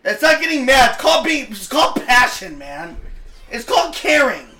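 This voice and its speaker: A man co-hosting a sports podcast, arguing passionately with frequent swearing and bursts of shouting. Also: very high voice, big pitch swings, normal speed. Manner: passionate, profane, shouting rants. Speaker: podcast co-host. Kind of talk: heated sports podcast debate.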